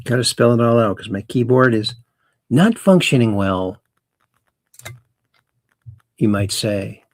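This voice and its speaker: Slow gravelly man hosting a livestream. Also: mid-range voice. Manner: chatty, rambling, reads viewer messages aloud. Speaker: host. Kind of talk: casual livestream chat.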